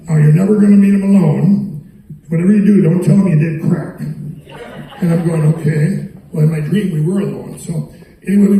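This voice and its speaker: A man's voice: sits high, warm tone. A man giving a storytelling speech to an audience, rambling, quoting people, and repeating his words as he goes. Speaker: public speaker. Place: arts center hall. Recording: echoey hall from a distance.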